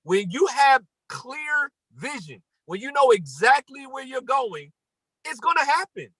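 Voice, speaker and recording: A man giving an emphatic motivational talk on a morning call, repeating his points and rising to near-shouts. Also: extremely high pitch, very animated, measured pace, husky, dry recording, low-quality recording.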